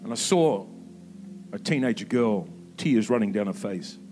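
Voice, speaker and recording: A fifty-something pastor preaches with fervor, his lowish voice climbing to emphatic peaks before sinking quiet again. Soft music plays under his words throughout. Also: lively intonation, unhurried. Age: 50s. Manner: impassioned preaching, rising to emphatic peaks then dropping soft. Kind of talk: sermon.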